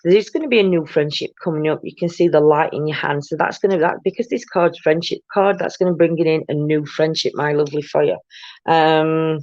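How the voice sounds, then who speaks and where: A woman's voice: deep voice, fairly quick, darkish tone, no room sound, highs cut off. An older woman, tired, chatting casually on a live stream as a tarot reader, greeting viewers by name with many ums.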